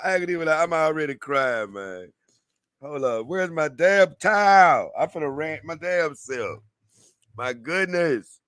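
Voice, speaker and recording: A man hosting a reaction show, commenting in a laughing, excitable, slangy way. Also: mid-range voice, no room sound, studio quality. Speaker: reaction host.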